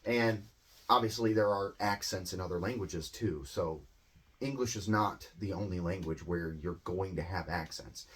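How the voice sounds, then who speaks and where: A man's voice: low-pitched, normal speed, slightly rough. A man talks through an English lesson in a loose, casual way. He often repeats himself and restarts words as he goes. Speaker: English teacher.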